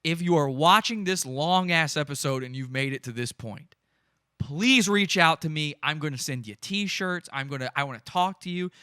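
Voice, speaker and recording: A man's voice: a little high, moderate pace, pushed and bright, clean tone, no echo, clean studio sound. A man hosting a podcast, giving gleeful, mocking live commentary on stream footage and breaking into laughter. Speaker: podcast host.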